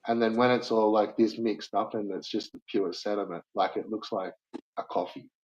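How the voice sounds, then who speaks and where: A man's voice: lowish voice, fairly even intonation, normal speed, darkish tone. Young aussie bloke, swears constantly, laughs through his yarn, slightly dull lo-fi sound. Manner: heavy swearing, laughs while telling, acts out quoted people. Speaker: bar worker telling a story. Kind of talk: casual storytelling chat.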